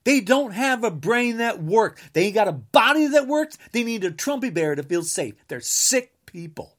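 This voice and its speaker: A man from the United States, a podcaster, delivering an angry political rant, combative and repeating insults, sometimes bursting into shouts. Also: high voice, very animated, moderate pace.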